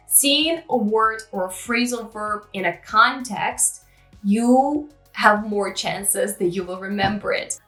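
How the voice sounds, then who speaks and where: A woman's voice: medium pitch, a bit bright. Woman giving language tips in an echoey room. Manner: explanatory, step-by-step tips. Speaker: English learning vlogger. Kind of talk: tutorial talk to camera. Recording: roomy echo with faint music.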